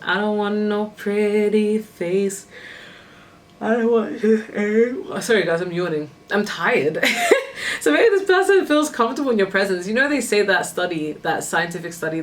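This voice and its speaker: A woman giving a casual tarot reading, chatty and animated, full of asides. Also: fairly low pitch, distant mic, slight background noise. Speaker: tarot reader.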